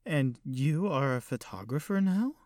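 A man voicing an elderly wealthy woman hosting at her manor, with a shaky voice and slow, genteel, formal speech. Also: on the high side, animated, darkish tone, no echo, clean studio sound, voice pushed up. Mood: gracious.

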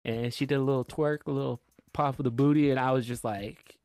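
A man co-hosting a casual podcast, telling animated stories full of "bro" and "like" and cursing freely. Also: mid-range voice, a little fast, dry recording, studio quality. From US West Coast. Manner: animated storyteller, swears, lots of "like" and "bro". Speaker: podcast co-host. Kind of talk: casual chat.

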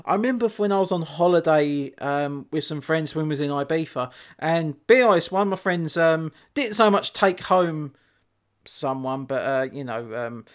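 A man's voice: on the high side, lively intonation, normal speed. A man co-hosting a podcast, telling a story in a rambling way, full of fillers and restarts. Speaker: podcast co-host. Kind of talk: casual chat.

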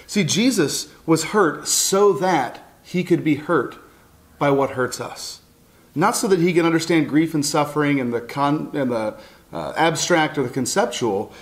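Middle-aged male pastor, earnest and heartfelt sermon delivery, slightly raised pitch. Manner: earnest, heartfelt, with many restarts. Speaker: pastor and counselor.

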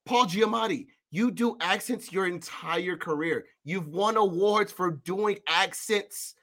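A man co-hosting a casual movie review podcast, ranting loudly with profanity and frequent laughter. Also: sits high, slow pace. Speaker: podcast co-host.

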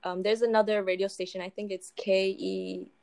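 A woman singer-songwriter talking in a casual interview, soft-spoken and reflective, with many pauses and ums. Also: mid-range voice, level tone, gravelly, no room sound.

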